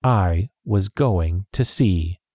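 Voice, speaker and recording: A man narrating a story in a measured, steady reading. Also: sits low, no echo, clean studio sound.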